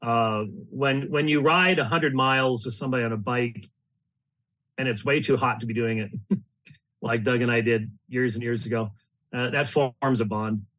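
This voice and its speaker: Rambling mid-pitched man reminiscing. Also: fairly even intonation, normal speed, a bit bright. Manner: rambling, full of fillers and restarts, laughs often. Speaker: host. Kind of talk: casual spoken reflections.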